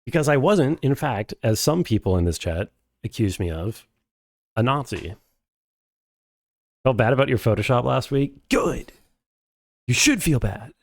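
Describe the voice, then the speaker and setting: A man streaming a game, chatting casually and reading chat aloud in a rambling, deadpan, self-deprecating way. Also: medium pitch, normal speed, long pauses, dry recording, clean studio sound. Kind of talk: casual live-stream chat while playing.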